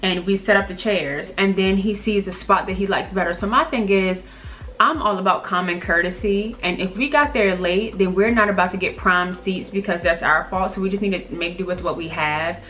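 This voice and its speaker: A woman telling a funny story in a casual vlog, blunt and animated, recorded on a camera's built-in mic. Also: mid-range voice, normal speed, slight background noise. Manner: sassy, blunt and animated, acting out quotes.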